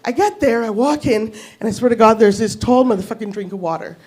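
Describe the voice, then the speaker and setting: A woman's voice: a little high, fast, a little mellow, slightly rough. A woman in her fifties doing stand-up, telling a story in a brash, profane way and laughing at her own lines. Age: 50s. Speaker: stand-up comic. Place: comedy club stage.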